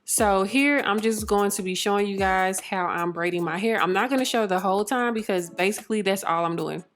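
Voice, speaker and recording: A woman's voice: mid-range voice, fairly quick. A young woman chatting casually as she narrates her own hair tutorial, laughing often and rambling with fillers. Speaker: beauty vlogger.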